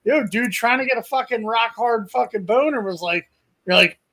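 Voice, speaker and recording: Man, high-pitched, profane, rowdy, casual podcast talk. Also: moderate pace. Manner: profane, rowdy storytelling with loud put-on quotes. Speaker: podcast co-host. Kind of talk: crude casual chat.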